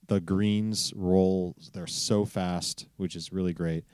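A man's voice: sits low, steady tone, takes it slowly, a little mellow, smooth, no room sound. A man in his thirties co-hosting a casual travel podcast, rambling through stories with a slightly curmudgeonly, wry manner. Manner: rambling storyteller, self-described curmudgeonly. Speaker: podcast co-host.

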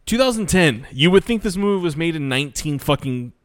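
A man's voice: on the high side, expressive, brisk, no room sound, studio quality. A man chatting casually about a bad movie, rambling, swearing and trailing off mid-thought. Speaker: podcast co-host reviewing bad movies. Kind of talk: casual profane chat.

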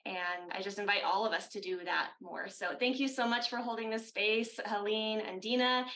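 A woman who works as a wellness coach, speaking in a gentle, earnest way on a video call panel. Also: medium pitch, fairly even intonation, moderate pace, low-quality recording. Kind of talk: reflective panel talk.

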